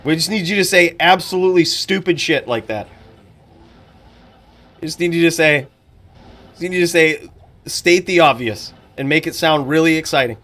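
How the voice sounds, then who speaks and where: Bright-voiced casual male streamer. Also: a little high, normal speed, long pauses. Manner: casual, profane, blunt opinions. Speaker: streamer and commentator. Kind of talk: live-stream chat and game fight commentary.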